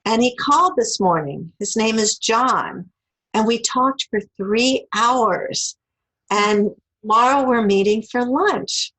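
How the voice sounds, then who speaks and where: A woman's voice: a little high, slow pace, rough recording. A woman, an interview guest, telling a personal story in a casual way and acting out the lines of the people in it. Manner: animated, acts out quoted dialogue.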